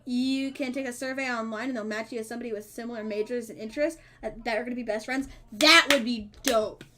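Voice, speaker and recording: A woman streamer reading a dating game's dialogue aloud, with playful asides and quick self-corrections. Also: on the high side, steady tone, slight background noise. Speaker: streamer playing a dating sim. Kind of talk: reading game text aloud with casual commentary.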